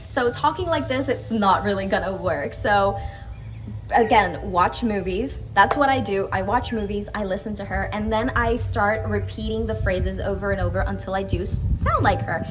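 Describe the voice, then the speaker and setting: A young woman with a fairly high voice explains character tips for party performers. She is upbeat and chatty, with a loose, conversational flow and frequent fillers. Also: poor audio. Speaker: party princess performer and teacher. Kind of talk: casual instructional vlog.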